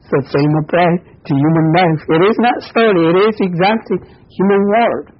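Husky man giving a halting dharma talk. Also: high voice. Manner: halting non-native English with many fillers and chuckles. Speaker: Buddhist teacher. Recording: dull lo-fi recording.

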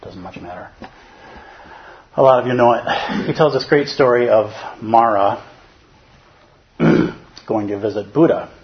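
A man's voice: on the low side, measured pace, long pauses, muffled recording. A man teaching as a Zen teacher in a dharma talk, conversational and humorous, often checking in with listeners.

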